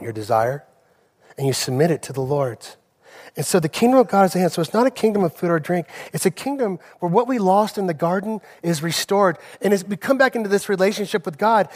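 Man preaching in a reverberant hall. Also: high-pitched. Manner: personal storytelling, emphatic, slows down on key phrases. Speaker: pastor. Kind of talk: sermon. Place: church sanctuary. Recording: long reverb of a church hall.

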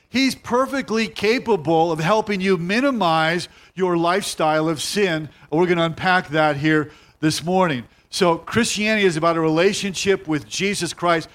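High-voiced pastor preaching with emphasis. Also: male voice, fairly bright tone. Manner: emphatic, repeats key phrases, slows to stress words. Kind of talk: sermon.

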